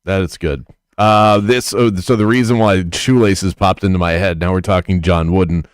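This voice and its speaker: A man's voice: low voice, fairly even intonation, normal speed, smooth, dry recording, clean studio sound. A man hosting a sports radio show, opinionated and wry, wandering off into stories. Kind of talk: sports talk radio banter. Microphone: studio microphone.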